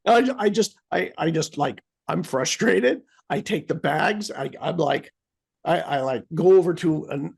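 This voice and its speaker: A man from the US, co-hosting a laid-back chat, tells a story with animation, imitating beeps and voicing his own frustration. His voice sits a little high and carries vocal fry.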